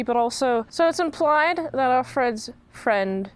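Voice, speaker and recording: A woman's voice: sits high, animated, normal speed, hardly any pauses, clean tone. A woman recapping and reviewing a TV show in a casual, sarcastic way, mocking the characters in put-on voices.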